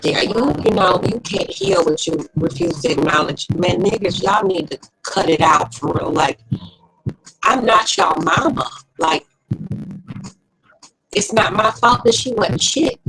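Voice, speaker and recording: A woman hosting a late-night chat who talks bluntly and profanely, telling stories with a lot of animation. Her voice swings widely in pitch and has a gravelly edge, with faint noise behind it. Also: sing-song, unhurried. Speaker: host.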